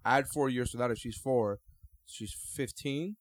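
Casting: man of ordinary pitch, rambling and blunt, joking chat, dry close recording. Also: measured pace, dry recording. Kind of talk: casual podcast chat.

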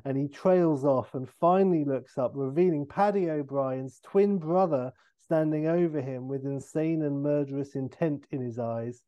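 A man on a comedy podcast narrating a comic film pitch, animated with many fillers. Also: moderate pace, hardly any pauses, no echo, lo-fi sound.

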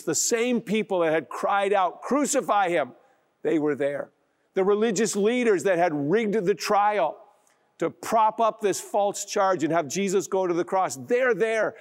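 Man preaching a storytelling sermon. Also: sits high. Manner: storytelling, acting out quoted lines. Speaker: pastor.

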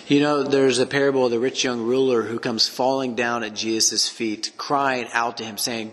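A man's voice: medium pitch, fairly even intonation, normal speed, hardly any pauses, a bit bright. A man teaching on a Bible passage for a podcast, reading scripture aloud and reflecting on it as he goes. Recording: long hall reverb.

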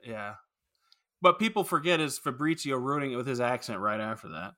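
A man's voice: medium pitch, expressive, fairly quick, pushed and bright. A man co-hosting a podcast in casual film-review chat, rambling, opinionated and profane. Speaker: podcast co-host.

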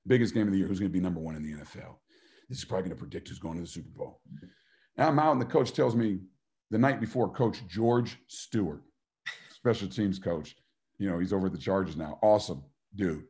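A man's voice: low voice, fast talker, dark tone. A middle-aged man, a former football player and coach, giving a motivational talk and telling stories, acting out the voices he quotes and laughing often.

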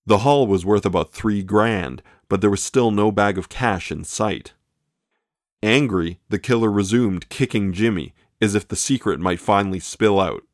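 Man, true-crime narrator, lowish voice, dry close sound, dramatic measured delivery. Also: dry recording. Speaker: podcast host and narrator.

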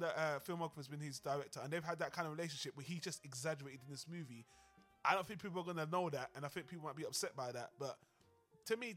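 A man's voice: on the high side, fairly bright tone. A man co-hosting a film podcast, talking casually and animatedly, swearing freely and acting out lines from the movie. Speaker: podcast co-host.

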